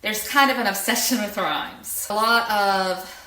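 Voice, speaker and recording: Female educator, bright tone, patient explainer, slightly echoey room. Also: medium pitch, measured pace. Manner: patient, stretches words out when demonstrating. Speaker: teacher. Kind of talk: explanatory lesson.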